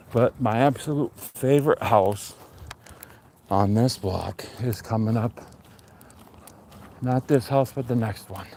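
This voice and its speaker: A man in his forties on a casual live stream, chatting in a relaxed, rambling and enthusiastic way. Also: medium pitch. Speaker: livestream host. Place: outdoors on a neighborhood street. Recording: faint outdoor street noise.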